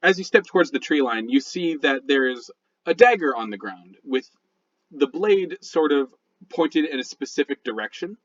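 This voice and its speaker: A man's voice: a little high, lively intonation, normal speed. A man narrating a tabletop game as dungeon master, rambling with lots of fillers and restarts. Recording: dull lo-fi sound.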